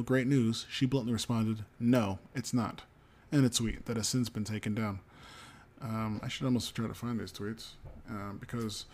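A man's voice: medium pitch, darkish tone, a little hiss or hum. A man co-hosting a podcast, reading entertainment news aloud with frequent ums and casual asides. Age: adult parent of a young child. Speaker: podcast co-host.

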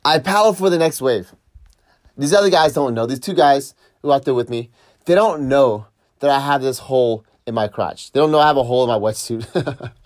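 A man's voice: medium pitch, fairly quick, no room sound, clean studio sound. A man telling a story casually, swearing and laughing as he reflects on a mishap while surfing. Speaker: surf vlogger.

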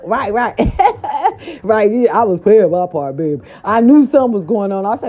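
A middle-aged woman telling a story casually to her viewers, animated and profane, repeating her filler words. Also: medium pitch, moderate pace, husky, dull audio. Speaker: vlogger.

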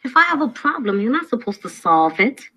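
Husky, brash young woman. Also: fairly high pitch, a little fast, heavily acted, poor audio. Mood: lecturing. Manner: lively, assertive and teasing. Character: brash, talkative young woman lecturing her boyfriend. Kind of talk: film dialogue.

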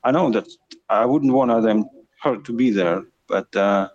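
Brief: low-voiced man chatting on a headset, halting and searching for words. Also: darkish tone, muffled recording. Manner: hesitant, restarts and searches for words. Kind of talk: casual chat.

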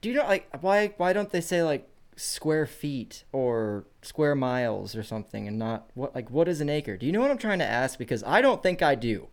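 Male podcast co-host, rambly and foul-mouthed, crisp clean tone. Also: on the high side, sing-song, moderate pace, few pauses. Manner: rambling, swears freely, reads facts aloud. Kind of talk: casual podcast chat.

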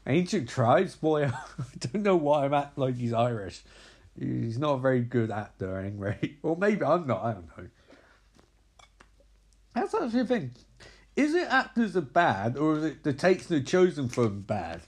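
A man talks through a movie he clearly finds ridiculous. He rambles and swears as he picks the film apart. His voice sits in an ordinary middle range. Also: mid-range voice, sing-song, measured pace, long pauses. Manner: sarcastic, profane, rambling. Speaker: movie reviewer. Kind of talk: comedic movie recap.

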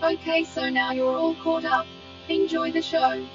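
A woman's voice: extremely high pitch, steady tone, unhurried. A synthetic female voice playing a friendly robot announcer who teasingly introduces a show. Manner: chirpy, mocking show introduction. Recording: dull, distant, over loud music.

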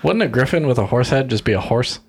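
A man co-hosting a podcast, chatting casually and making crude, deadpan jokes. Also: medium pitch, fast, a loud crowd. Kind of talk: casual chat.

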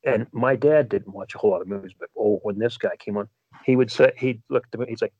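A man's voice: lowish voice, fast talker, a little mellow, slightly rough, no echo, lo-fi sound. A man co-hosting a podcast, rambling through stories in casual chat and often restarting his sentences. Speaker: podcast co-host.

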